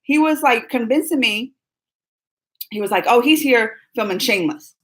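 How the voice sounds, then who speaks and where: Young woman host, slightly high voice, animated storyteller who acts out quotes in a live chat. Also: moderate pace, rough recording. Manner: animated, breathless retelling with quoted dialogue and squeals. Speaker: livestream host.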